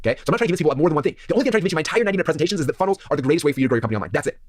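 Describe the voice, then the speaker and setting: A man giving a seminar presentation as a sales speaker, energetic and constantly checking in with his audience. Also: on the high side, racing, no echo.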